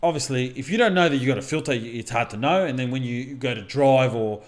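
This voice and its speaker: Fast and mid-range, the voice belongs to a middle-aged man who co-hosts a podcast and coaches mindset. In casual chat he tells stories from his life, bluntly and with frequent swearing.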